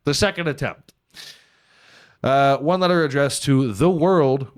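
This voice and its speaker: Sarcastic, swearing podcast host with a smooth voice. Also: male voice, mid-range voice, unhurried. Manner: irreverent, sarcastic, swears freely, mock ad-read delivery; laughs at his own jokes. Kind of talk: casual comedic podcast banter.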